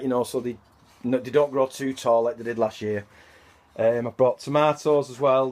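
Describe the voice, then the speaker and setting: A man's voice: mid-range voice, a little mellow. A middle-aged man gives a chatty, self-mocking walking tour of his allotment garden, recorded outdoors on a handheld camera.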